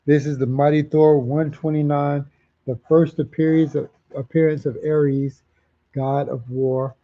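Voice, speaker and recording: A man's voice: fairly high pitch, flat delivery, measured pace, lo-fi sound. A man hosting a live comic auction stream, chatting casually, repeating prices and titles and reading out viewer comments.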